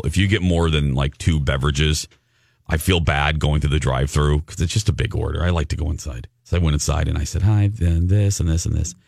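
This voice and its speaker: Radio host, male, very low voice, dry close studio mic, rambling self-deprecating storyteller. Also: creaky, no echo. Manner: chatty storyteller, self-mocking. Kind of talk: casual morning radio chat.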